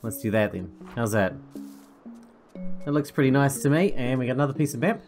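A man's voice: mid-range voice, lively intonation, fairly quick, darkish tone, soft background music. A man hosting a game demo playthrough, chatting casually and thinking aloud as he plays. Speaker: gaming channel host. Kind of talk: let's play commentary.

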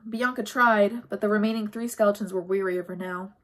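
A woman reading a first-person audiobook chapter, expressive, with a pace that slows and quickens. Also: medium pitch. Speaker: audiobook narrator.

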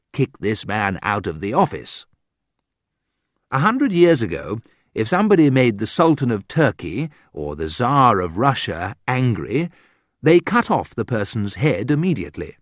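A man reading a humorous graded reader aloud in a wry, deliberate storytelling manner, with a sudden lift in pitch for quoted remarks. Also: big pitch swings, dry recording, clean studio sound. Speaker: audiobook narrator.

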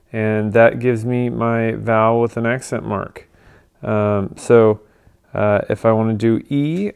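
A man giving a casual computer tutorial, relaxed and full of ums and uhs. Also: medium pitch, creaky, clean tone. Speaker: tutorial presenter.

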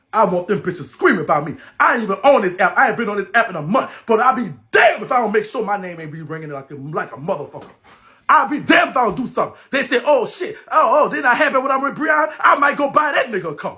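This New Orleans, Louisiana livestream host has a high voice and a brash manner, and he rants loudly on a phone stream. He laughs a lot and curses heavily throughout.

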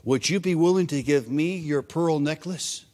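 A preacher playing a gentle, loving father who speaks softly and coaxingly, in a church with long reverb. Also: on the high side, normal speed, pitched below the performer's own voice, natural voice. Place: church sanctuary.

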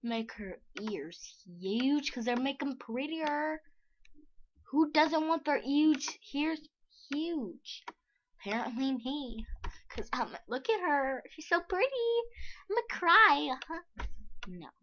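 A young woman giving casual, sarcastic commentary over a screen recording, giggly and excitable, sometimes dropping to a whisper. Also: sits high, takes it slowly. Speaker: vlogger. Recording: dull lo-fi mic with mouse clicks.

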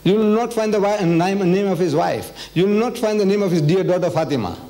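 A man's voice: sits high, lively intonation, brisk, mellow. A man from Africa, giving a religious lecture in a hall and pressing the audience with rhetorical questions. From South Africa. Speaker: Islamic lecturer.

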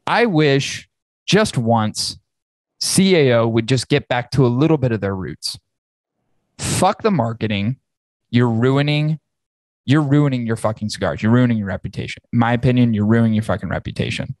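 A man's voice: mid-range voice, normal speed, dry recording. A man hosting a podcast, ranting angrily and swearing heavily. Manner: profane, angry ranting. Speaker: podcast host. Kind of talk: casual podcast rant.

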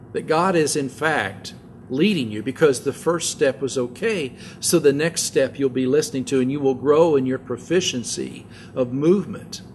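An older man preaching a sermon as pastor, telling stories in a relaxed conversational way with asides. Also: a little high, a little hiss or hum.

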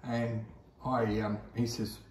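A man's voice: mid-range voice, flat delivery, takes it slowly, darkish tone, a little hiss or hum. Rambling Australian man, echoey distant mic. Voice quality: rambling, repeats words, lots of "I says". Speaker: guest telling his testimony. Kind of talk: casual storytelling.

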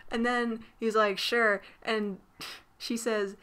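Casual woman vlogger, bright tense tone, loose rambling delivery full of "like" and cursing. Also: a little high, little pitch movement, slow pace, long pauses. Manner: rambling, filler-heavy, swears freely. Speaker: movie recap vlogger. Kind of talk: casual spoiler recap.

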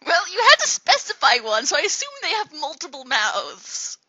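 American woman fan dubber, bright and playful, on a dry, muffled home mic. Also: high voice, wildly swooping pitch, normal speed, no echo. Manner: giggly, playful, self-mocking. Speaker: fan dub voice actor. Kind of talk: blooper banter between takes.

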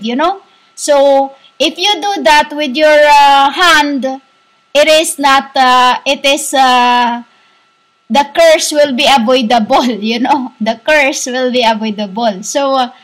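A woman with a high voice speaks slowly in a rambling spiritual monologue as a self-styled teacher. She stops and restarts often, fills pauses with hesitations and now and then laughs softly. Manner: halting, heavy with fillers and restarts; often breaks into soft laughter.

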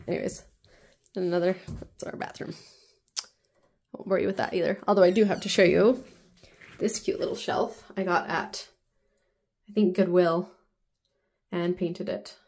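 A woman's voice: on the low side, fairly even intonation, measured pace, pauses often, a little mellow. A woman in her thirties chatting casually in a home vlog, rambling with lots of fillers. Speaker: vlogger.

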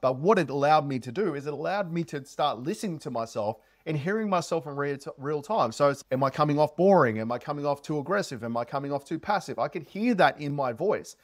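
Guy giving sales tips to camera, lots of inflection, upbeat, slightly high voice. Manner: animated, heavy inflection, energetic. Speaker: sales coach. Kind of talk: casual advice talk to camera.

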